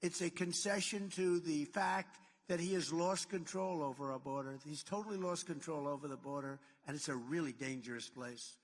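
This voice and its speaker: Speaking at a steady, normal pace with almost no pauses, this fairly high-voiced male candidate addresses a big rally crowd. His talk is boastful and repetitive, heaping up superlatives and wandering off on tangents, while the hall adds a long, lingering reverb.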